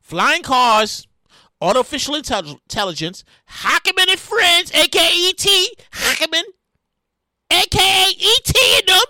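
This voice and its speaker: A high-pitched man hosts a solo podcast into his microphone at home, swinging his voice wildly up and down as he rambles and bursts into shouts. His tone is bright and sharp, and the room sound is close and dry. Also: lively intonation, measured pace, dry recording. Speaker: podcast host.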